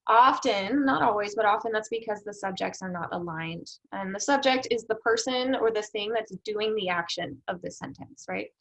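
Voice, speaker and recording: Give me a woman instructor in a recorded writing lecture, a bit of vocal fry, explaining patiently with fillers. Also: medium pitch, moderate pace, hardly any pauses, fairly bright tone, low-quality recording. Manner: explanatory, rhetorical questions, frequent fillers. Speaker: research development instructor. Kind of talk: recorded lecture on proposal editing.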